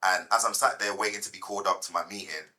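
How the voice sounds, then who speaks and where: A man in his thirties, a guest at a fireside chat, telling lively anecdotes to a live audience and repeating words as he goes. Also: deep voice, quick pace, rough recording.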